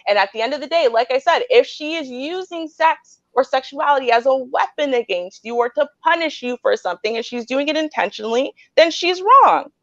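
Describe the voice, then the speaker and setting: A woman's voice: high voice, brisk, few pauses, dry recording, lo-fi sound. A married woman host earnestly explaining her view on relationships, often checking in with "right?". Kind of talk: relationship advice debate.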